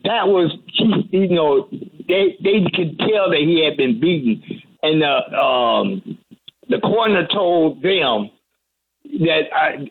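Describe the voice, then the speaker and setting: High-voiced reverend on a tinny phone line. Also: male voice, lively intonation, slow, slightly rough. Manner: earnest, heavy-hearted, many restarts. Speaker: reverend and community advocate. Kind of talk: guest on call-in radio.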